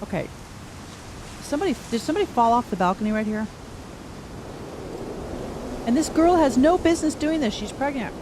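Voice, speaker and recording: A woman's voice: high voice, lively intonation, brisk, pauses often, noisy background. A middle-aged woman giving casual gameplay commentary, chatty and thinking aloud with wry asides. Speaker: gaming streamer.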